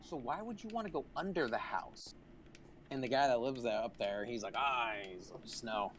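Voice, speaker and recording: Male gaming host, loose profane storyteller, average pitch, faint noise behind. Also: sing-song, fairly quick. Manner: profane, rambling anecdote-telling. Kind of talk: casual chat while playing.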